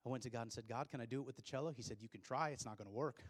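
Young man, pastor, sermon, storytelling, hushed to loud and excited, middle pitch, reverberant hall. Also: very fast.

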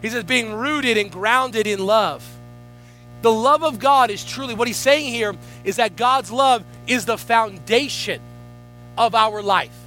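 A man with a high, bright voice preaches with fervent energy, calling out to the congregation as he builds. Soft music sits behind him. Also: rough recording. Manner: fervent preaching with rising call-outs. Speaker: guest pastor. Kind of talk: sermon.

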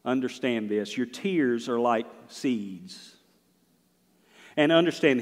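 A middle-aged man, a pastor preaching a sermon, swinging between loud and hushed delivery. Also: medium pitch, animated, slow pace, pauses often, long reverb tail.

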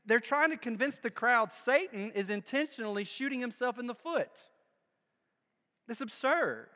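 Pastor, male, high bright voice, emphatic sermon delivery with playful asides; reverberant hall. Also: very animated, moderate pace.

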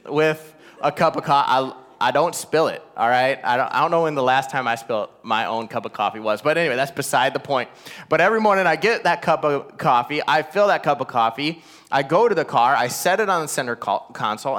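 A man telling a personal family story to a live audience. He is animated and self-deprecating, with frequent asides to the listeners. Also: mid-range voice. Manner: animated, self-deprecating, rising to loud exasperation at the climax; talks straight to listeners with frequent "all right?" asides.

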